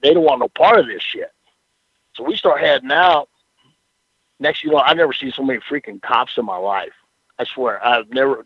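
A man's voice: on the high side, slightly rough, no room sound. An older man, a former pro wrestler telling rambling, profane road stories in a casual interview. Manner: profane, rambling storyteller with frequent "you know what I'm saying". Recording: dull lo-fi radio audio.

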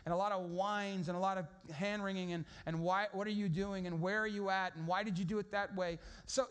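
High-voiced pastor, casual sermon. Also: male voice. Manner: conversational, storytelling, many restarts.

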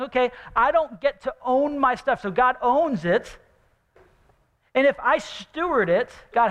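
Young male pastor, high voice, preaches loosely and conversationally, with dry sarcastic asides. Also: fairly bright tone. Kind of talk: sermon.

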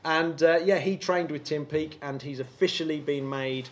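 Chatty, excitable man co-hosting a podcast. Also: a little high, moderate pace, over a noisy crowd. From England. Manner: chatty, excitable, laughs often. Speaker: podcast co-host. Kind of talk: casual chat.

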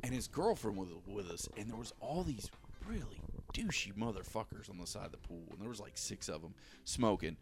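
A podcast co-host with a fairly low, fairly quick voice tells friends a long, profane story. He's animated and laughing, acting out the people he quotes.

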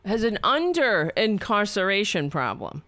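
A woman commenting on a video, sarcastic and swinging from loud rants to low muttering. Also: very animated, measured pace, dry recording. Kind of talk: casual reaction commentary.

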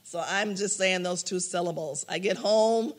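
A man's voice: sits high, moderate pace. An older man teaching a prayer class in an informal way, telling personal stories, acting out what people said and laughing often. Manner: animated storyteller, laughs often, acts out quotes.

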